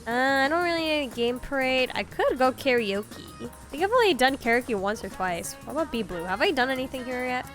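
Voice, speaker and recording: A woman's voice: high voice, animated, fairly quick, few pauses, fairly bright tone. A young adult woman chatting casually while she plays a game, rambling and saying "like" constantly. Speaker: streamer. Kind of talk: casual gameplay commentary. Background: faint game music.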